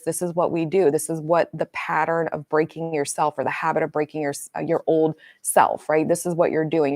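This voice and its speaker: Middle-aged woman coach, livestream chat, blunt and swears, slightly low voice, dry close sound. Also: no room sound. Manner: blunt, swears freely, animated storytelling. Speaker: manifestation coach. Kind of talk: casual livestream talk.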